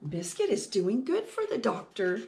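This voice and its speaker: A woman hosting a children's storytime, reading a picture book aloud in an animated sing-song way and talking directly to young listeners. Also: medium pitch, normal speed, creaky, a little hiss or hum.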